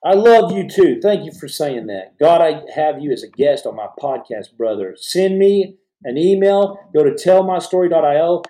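A man's voice: fairly high pitch, sing-song, normal speed, few pauses, dark tone. A middle-aged man hosting a live podcast, talking fervently to viewers in a rambling way with many restarts. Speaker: podcast host. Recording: roomy echo.

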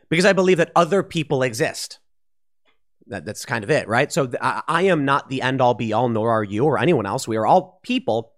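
Argumentative man with frequent restarts. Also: medium pitch. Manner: argumentative, thinking aloud with frequent restarts and stumbles. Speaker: political commentary host. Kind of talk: solo political commentary.

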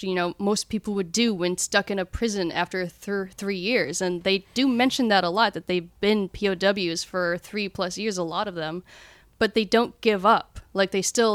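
An opinionated woman co-hosting a casual film podcast, her voice smooth and resonant. The sound is dry and close, with no room around it. She gets lively when she retells scenes. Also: medium pitch, no echo. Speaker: podcast co-host.

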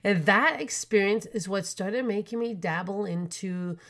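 A woman in her forties from Canada, telling personal stories in a chatty, animated way with many fillers. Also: medium pitch, measured pace. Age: 40s. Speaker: podcast host. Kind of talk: storytelling chat.

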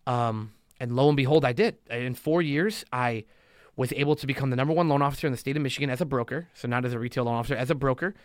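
On a podcast as a guest, a loan officer talks casually yet emphatically, motivational and repeating himself to hammer each point. His voice is mid-range and he's a fast talker. The recording is studio quality and echo-free.

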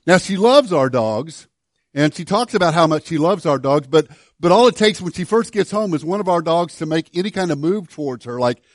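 A man's voice: on the high side, no echo. An older man, a pastor, preaching a sermon in a conversational storytelling way with self-deprecating humor.

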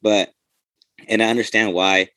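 A man's voice: on the low side, little pitch movement, unhurried, pushed and bright, no echo. A man, a police officer and podcast host, telling loose, profane stories in casual chat.

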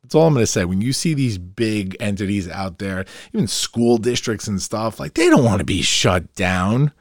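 A man hosting a solo podcast, talking in an opinionated, brash way that keeps getting loud and fired up. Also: lowish voice, sing-song, normal speed, no echo, clean studio sound. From New York. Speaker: podcast host.

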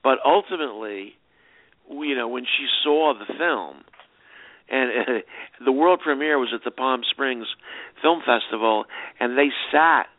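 A man's voice: medium pitch, unhurried, dry recording. Man telling stories over a tinny line. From United States. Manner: rambling anecdotes with many restarts. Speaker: film director, guest. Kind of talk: casual interview answers. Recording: dry, tinny phone-line sound.

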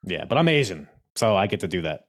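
A man hosting a podcast in casual wrestling chat, talking in a halting way with many fillers and restarts and laughing easily. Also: low voice, very animated. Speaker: podcast host.

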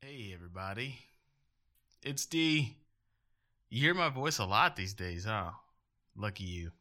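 A man's voice: fairly low pitch, animated, measured pace, sharp tone. A man hosting a podcast in a casual, jokey, rambling way, poking fun at himself. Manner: jokey, rambling, self-mocking. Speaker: podcast host.

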